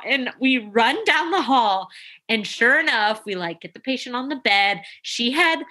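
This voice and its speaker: Bright-voiced young woman telling nurse stories. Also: moderate pace. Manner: animated, acts out quotes with big pitch jumps. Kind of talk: casual storytelling chat.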